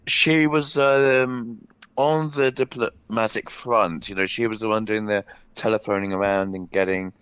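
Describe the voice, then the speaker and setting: Deep-voiced hesitant male caller. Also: fairly even intonation, unhurried, a bit bright, clear, resonant tone, no room sound, lo-fi sound. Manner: hesitant, many fillers.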